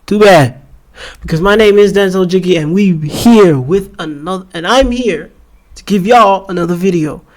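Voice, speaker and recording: Young male reaction host, 21, stuffy nose, high voice, excitable and rambling. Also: moderate pace. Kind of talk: casual reaction commentary.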